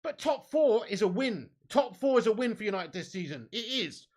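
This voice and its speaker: A man hosting a live football watch-along, excitable and sweary, swinging from low grumbling to loud shouting. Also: normal speed. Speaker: fan watch-along host.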